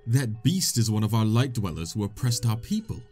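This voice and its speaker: A man voicing a menacing male shadow king from a video game, reading his lines with a lowered, theatrical delivery. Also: very animated, brisk, a little mellow, faint music behind. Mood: haughty.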